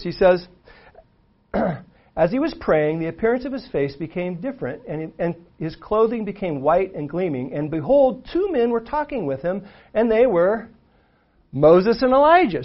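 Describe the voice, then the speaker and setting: A man teaching a conversational Bible lesson, animated, checking in with "right?" after many points. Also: sits high, moderate pace. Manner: animated, frequent "right?" asides, restarts. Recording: muffled lo-fi recording.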